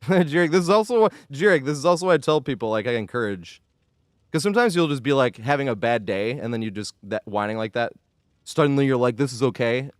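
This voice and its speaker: Lively, excitable man streaming a game. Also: mid-range voice, smooth, dry recording, clean studio sound. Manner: excitable, yells at the game then apologizes; chatty, thanks viewers for follows. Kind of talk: live gameplay commentary.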